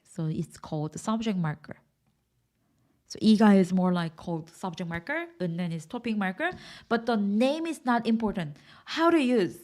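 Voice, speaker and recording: Lively, patient Korean-accented woman teacher. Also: medium pitch. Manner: patient, asks questions and repeats examples. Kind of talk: explaining grammar to learners.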